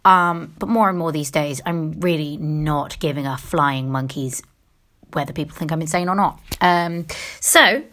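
A young woman from England hosts her own podcast, speaking in a low, fairly bright voice at a measured pace. It's a casual solo rant full of swearing and restarts, recorded on a personal mic in a quiet room.

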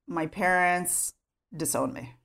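Her voice runs on the low side, slow and fairly bright, with noticeable vocal fry. As an interview guest from Sherman, Texas, she casually recounts her life at home, peppering her chatty storytelling with many "like" fillers.

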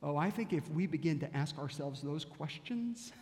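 A man's voice: on the high side, lively intonation, moderate pace, warm tone, in a large hall. A male pastor preaching a sermon, telling a story and firing off repeated rhetorical questions.

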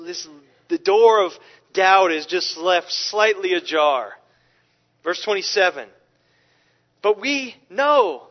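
Male preacher, emphatic sermon delivery, high voice, dull lo-fi recording. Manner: animated, emphatic, with frequent restarts. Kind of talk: expository sermon.

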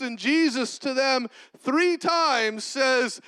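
A man preaching a sermon as a pastor, with long pauses and sudden drops to a soft voice. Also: extremely high pitch, smooth.

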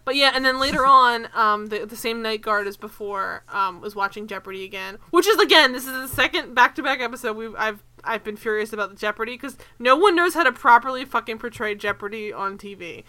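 A woman's voice: on the high side, animated, fairly quick, few pauses, pushed and bright. A woman co-hosting a podcast in casual chat, ranting with animation, swearing and laughing as she talks. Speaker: podcast co-host.

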